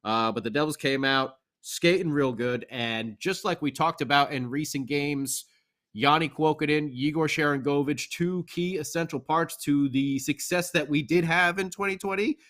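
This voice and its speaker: Bright, enthusiastic sports-talk man. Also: a little high, normal speed. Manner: rambling, enthusiastic, fan banter. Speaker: podcast co-host. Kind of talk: sports recap commentary.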